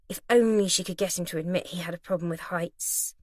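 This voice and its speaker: A woman reading a thriller audiobook at a measured, steady pace. The recording is very dry and close, with no room sound. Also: lowish voice, no echo. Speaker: audiobook narrator. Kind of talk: scripted narration.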